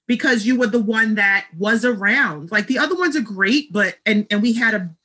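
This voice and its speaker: A woman's voice: mid-range voice, moderate pace, sharp tone, breathy edge. A woman guest in a casual chat with friends over a video call, brash and outspoken, swearing and laughing.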